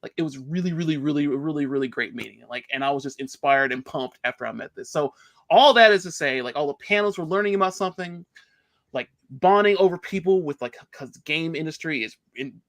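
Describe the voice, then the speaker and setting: A man who works as a game developer, telling stories in a casual podcast hangout with excitable, animated delivery. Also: fairly high pitch, a little fast, no room sound.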